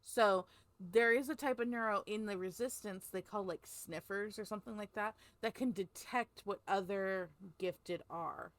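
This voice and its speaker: A woman's voice: medium pitch, moderate pace. Woman recapping a book casually. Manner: rambling, filler-heavy plot summary. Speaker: podcast co-host. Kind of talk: casual book-club chat.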